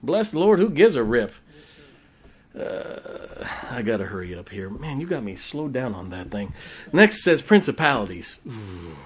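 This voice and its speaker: Brief: male pastor, folksy joking sermon delivery, loud exclamations. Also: medium pitch, very animated, moderate pace.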